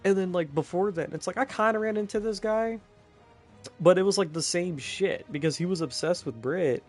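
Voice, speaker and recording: A man's voice: high voice, normal speed, soft background music. A young man telling a story in casual chat, swearing a lot and laughing often between lines.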